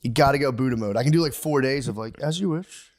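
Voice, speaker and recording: A comedian and dad co-hosts a comedy podcast, chatting casually and rambling, swearing a lot and acting out his own quotes. His mid-range voice comes out rapid-fire.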